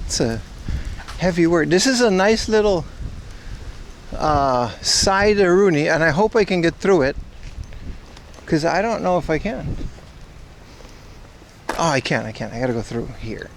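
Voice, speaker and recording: A man with a slightly high voice rambles and jokes with his stream chat while out on city streets. Faint traffic hums behind him. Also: expressive, unhurried, pauses often. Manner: joking, loose, talks back to chat. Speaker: livestream host. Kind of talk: rambling casual chat to viewers.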